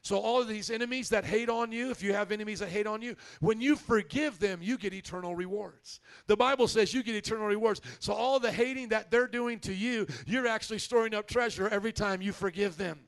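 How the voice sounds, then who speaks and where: Man, pastor, sermon, high-pitched voice, emphatic, call-and-response. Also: fairly quick, few pauses. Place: church.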